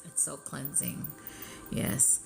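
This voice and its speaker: A woman hosting a live spiritual healing session, chanting in light language and then talking softly and emotionally, often laughing. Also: extremely low pitch, steady tone, creaky, soft background music. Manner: soft, unhurried and tearfully emotional, often laughing.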